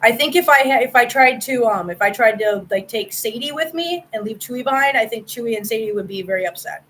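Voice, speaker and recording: A woman's voice: fairly high pitch, lively intonation, a little fast, a bit bright, slight background noise, poor audio. A woman hosting a casual livestream, chatting with her viewers by name, laughing often and repeating herself for emphasis. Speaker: host of a cat channel.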